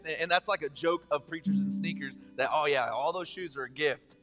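Pastor, male, 30s, chatty storyteller with a slightly high voice, echoing church hall, faint band behind. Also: brisk, music in the background. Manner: chatty, animated, jokey, many restarts. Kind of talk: casual sermon storytelling. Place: church hall with long reverb.

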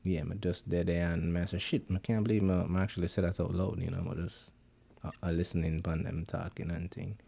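A man's voice: low-pitched, level tone, brisk, creaky, mellow, husky. A man with a Jamaican accent, chatting casually as a podcast co-host in a rambling patois style. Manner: rambling Jamaican patois speech, many fillers. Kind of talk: casual chat.

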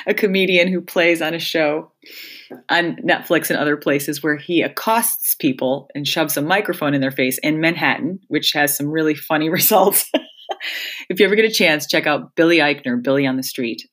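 Low-voiced woman hosting a reflective talk. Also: a bit bright. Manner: conversational, speaks directly to listeners as folks. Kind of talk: reflective self-help monologue.

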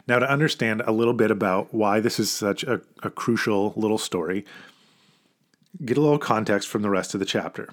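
A male pastor preaches in a plain, conversational way, talking to his listeners rather than orating. His voice sits a little low. He stays earnest throughout and presses harder when he reaches a point he wants to land. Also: a little fast. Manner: earnest, informal, emphatic at key points. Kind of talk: conversational sermon.

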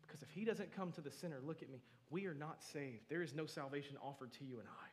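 A man preaching a sermon, moving between quiet asides and loud, emphatic declarations, often repeating words for stress. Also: on the high side, quick pace. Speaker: pastor.

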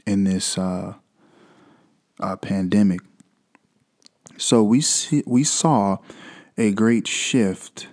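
A man's voice: lowish voice, a little mellow. A young man hosting a devotional podcast, talking through scripture in a loose, conversational way with frequent "right?" asides. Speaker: podcast host. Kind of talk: casual devotional podcast talk.

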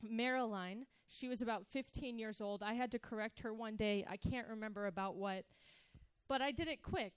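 Dry, clear-voiced woman telling a story. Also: a little high, no echo. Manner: animated, acts out quoted voices. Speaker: speaker sharing a personal story. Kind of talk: personal storytelling talk.

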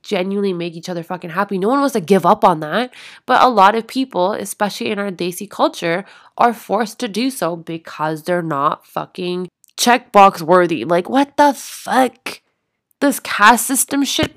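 A young woman from Canada, co-hosting a podcast in casual, expressive chat full of swearing. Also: mid-range voice. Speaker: podcast co-host.

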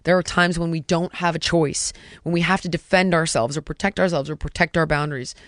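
A woman in her thirties telling a personal story in casual conversation, animated and emphatic, stringing rhetorical questions and dropping to a hush for quoted words. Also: on the low side, fairly quick, no room sound, studio quality.

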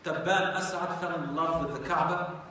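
A male religious teacher tells history in a loose, conversational way and keeps turning to his audience with questions. His voice sits somewhat high for a man. It is picked up from far off in a big hall with a long echo and faint background hiss. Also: steady tone, moderate pace, pushed and bright. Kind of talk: storytelling lecture.

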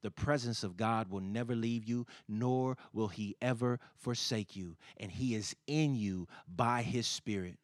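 Male preacher, unhurried sermon delivery; surges loud and high on scripture, falls quiet and close after; repeats key phrases; dry sound. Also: no echo.

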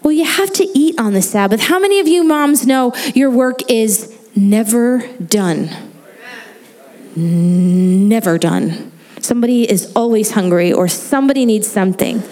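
A woman in her forties preaching a sermon in a lively, joking way, asking the congregation questions. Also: a little high, normal speed. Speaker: pastor. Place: church hall.

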